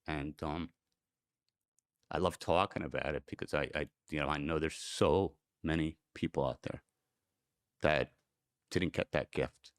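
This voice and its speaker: A man's voice: extremely low pitch, measured pace, pauses often, no echo, clean studio sound. A middle-aged American man, a podcast guest, telling a personal story in an earnest, emotional way. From United States.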